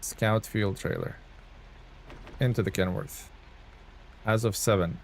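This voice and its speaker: Low-voiced man streaming a driving game. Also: steady tone, takes it slowly, gravelly, a little hiss or hum. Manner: rambling, talks to chat while playing. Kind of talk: casual gameplay commentary.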